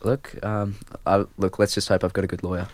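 A man's voice: low-pitched, flat delivery, brisk, no room sound. A man, a musician guest on a radio show, giving dry, laid-back answers. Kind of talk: casual interview.

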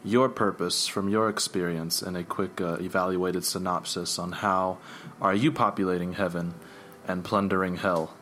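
A man's voice: low voice, steady tone, normal speed, a bit bright, slight background noise. A man hosting an interview, asking respectful, long-winded questions. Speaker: host.

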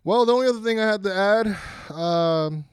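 Casting note: man, fairly high and smooth, casual co-host running through news, dry close mic. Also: brisk, no echo. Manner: reads off news items with many fillers. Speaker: podcast co-host. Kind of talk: casual wrestling news chat.

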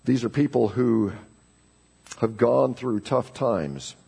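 Male pastor preaching in church; husky, gravelly voice that builds to loud emphasis. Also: mid-range voice, expressive, takes it slowly. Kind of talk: sermon. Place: church sanctuary.

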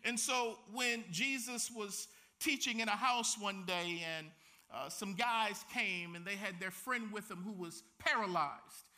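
Bright high-voiced man preaching a sermon. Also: a little slow. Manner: dramatic, acts out scenes with slang and shifting loudness.

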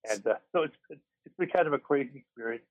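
Guy calling in from hospital, talks quick, keeps restarting, thin phone sound. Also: medium pitch, expressive. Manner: rambling, self-deprecating, halting restarts. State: recovering from surgery in hospital. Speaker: podcast co-host. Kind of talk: casual sports podcast chat. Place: hospital room. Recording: tinny phone line.

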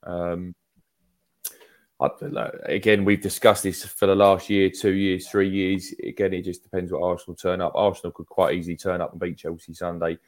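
A man's voice: sits low, level tone, moderate pace. A laid-back man on a podcast call, chatting about football and calling people mate. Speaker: podcast panelist. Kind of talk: casual football chat. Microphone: remote call.

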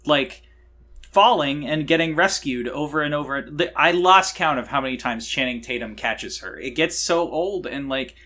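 A man's voice: on the high side, normal speed. A man in casual movie review chat, exasperated and swearing often as he rants. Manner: animated, exasperated, swears a lot.

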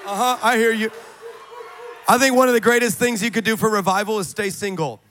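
A man preaching in church to a congregation, telling stories with jokes and sudden shouts. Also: high-pitched, a little fast, slight background noise. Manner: animated storytelling, joking and shouting to the crowd. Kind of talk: sermon. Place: church service in front of a congregation.

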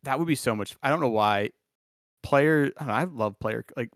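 Man, podcast co-host, mid-pitched, rambling casual talk, dry close sound. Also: moderate pace, a bit bright, dry recording. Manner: rambling, laughs at himself. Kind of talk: casual sports chat.

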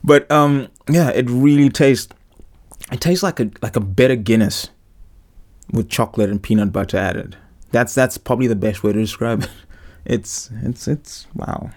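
A man's voice: mid-range voice, normal speed, darkish tone. A young man hosting a podcast, rambling through a profane, joking solo monologue. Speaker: podcast host. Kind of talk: casual comedic monologue.

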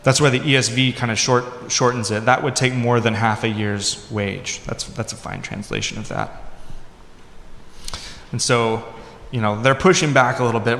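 A man's voice: medium pitch, animated, moderate pace, vocal fry, a bit bright, slight background noise. Man preaching in an echoey hall. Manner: conversational preaching, acts out quoted lines with voices. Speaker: pastor. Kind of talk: sermon. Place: church hall.

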